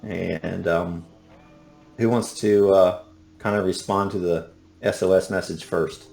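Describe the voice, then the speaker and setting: A man's voice: low voice, steady tone, normal speed, darkish tone, soft background music. A man narrating casually as the game master of a tabletop game.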